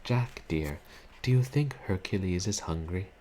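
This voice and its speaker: A man's voice: low-pitched, expressive, unhurried, mellow, slight background noise, low-quality recording. A man reading aloud and voicing an anxious young woman who nervously pleads during a bombardment. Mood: anxious, pleading.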